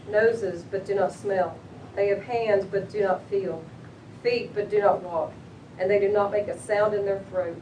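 A woman reading scripture aloud with an earnest, steady delivery during a church service. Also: medium pitch, recorded from a distance, a little hiss or hum. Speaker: scripture reader. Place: church sanctuary. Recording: roomy church hall, away from mic.

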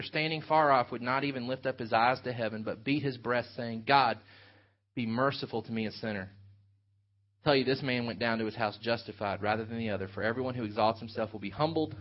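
A man preaching an earnest sermon, working through a scripture passage for his congregation. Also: mid-range voice. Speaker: pastor. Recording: dull lo-fi sound.

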